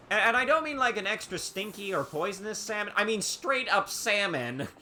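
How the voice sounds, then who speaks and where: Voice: mid-range voice, very animated, normal speed, bright, forceful tone, a little hiss or hum. A streamer who chats casually while playing a game, rambling through stories and laughing often.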